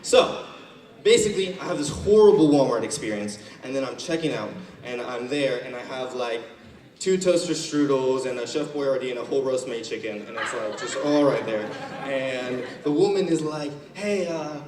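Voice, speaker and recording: A man's voice: medium pitch, animated, normal speed. A young man performing a stand-up comedy set as a student, telling stories casually and acting out the people in them. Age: young adult. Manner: casual storytelling, acting out quoted characters. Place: university auditorium stage. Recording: roomy hall, mic far off, loud crowd. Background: laughing audience.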